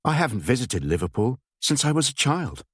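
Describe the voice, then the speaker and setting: A man voicing a frightened woman who speaks in a hurried, nervous way. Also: mid-range voice, very animated, slightly rough, dry recording, studio quality, voice pushed up. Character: frightened woman on a lonely coast, tense.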